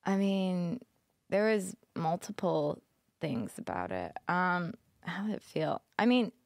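A woman's voice: on the low side, expressive, takes it slowly, creaky, a little mellow, dry recording, clean studio sound. A young woman speaking as a podcast guest in a candid, casual interview, full of "like" and frequent laughter. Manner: casual, filler-heavy with frequent "like", laughs often. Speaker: podcast guest, former streamer.

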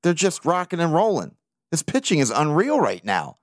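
A man's voice: fairly high pitch, normal speed, dry recording. Dude ranting about baseball on his podcast, swears a lot, voice jumps all over, dry close sound. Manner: excitable, profane, animated fan. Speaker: podcast host. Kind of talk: casual sports podcast talk.

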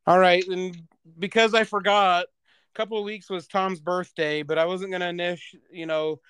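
Podcast co-host, a man with a smooth, slightly high voice, animated and chatty, laughing mid-story. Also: normal speed, no room sound. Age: adult parent. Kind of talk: casual podcast chat.

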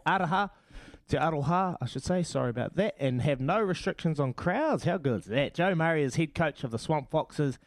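A man's voice: mid-range voice, no echo. Kiwi guy hosting breakfast radio, chatty and friendly, dry studio sound. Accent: New Zealand. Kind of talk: casual radio chat. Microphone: studio mic.

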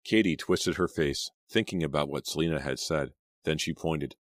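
Very deep-voiced male narrator. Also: normal speed, no echo, studio quality. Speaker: audiobook narrator. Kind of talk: scripted narration.

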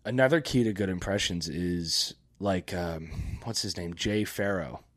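A man's voice: sits low, a little slow, dry recording, studio quality. A tired man co-hosting a podcast, rambling in casual chat with lots of fillers and restarts. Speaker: podcast co-host.

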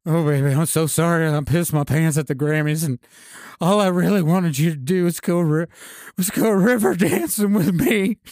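A man playing a sheepish, hard-drinking male country singer who mumbles and hesitates in a soft, low drawl during an improvised comedy scene. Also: fairly even intonation, normal speed, pauses often, no echo, clean studio sound, natural voice. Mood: giddy.

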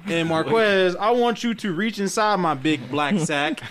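A man's voice: sits high, unhurried, fairly bright tone, slight background noise. A man hosting a podcast, running a new segment in a joking, casual way. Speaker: podcast host. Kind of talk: casual chat.

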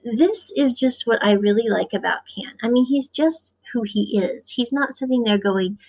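This woman from the American Midwest casually recaps a show's episode, rambling, chatting, and performing quotes. Her fairly high, slightly mellow voice moves at normal speed over a dull lo-fi recording.

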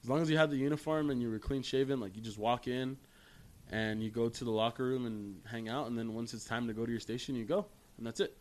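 A man's voice: mid-range voice, fast talker, a little mellow. A man co-hosting a casual podcast, telling a story in a loose, chatty way with fillers and swearing. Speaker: podcast co-host.

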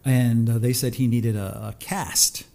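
A man hosting a talk show, telling a personal story in an animated way and acting out the voices of the people in it. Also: medium pitch, a little slow, creaky. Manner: lively, expressive.

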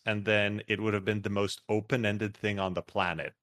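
A man's voice: fairly low pitch, level tone, moderate pace, fairly bright tone, no room sound, studio quality. A young man from Serbia, a podcast guest, telling stories in a wry, matter-of-fact way. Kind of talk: casual interview chat.

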